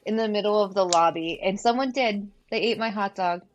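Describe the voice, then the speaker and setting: A woman's voice: medium pitch, brisk, muffled recording. A woman as a podcast guest in casual chat, telling a story with frequent swearing and laughter.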